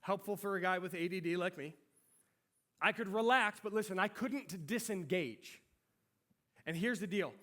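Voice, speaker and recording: Bright, lively man preaching a sermon. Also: high-pitched, normal speed, long pauses. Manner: storytelling, animated and conversational. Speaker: pastor.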